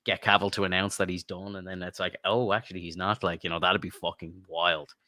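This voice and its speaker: A man co-hosting a podcast, chatting casually and excitedly, swearing and rambling like a fan. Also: low voice, fairly quick, no room sound. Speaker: podcast co-host. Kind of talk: casual chat.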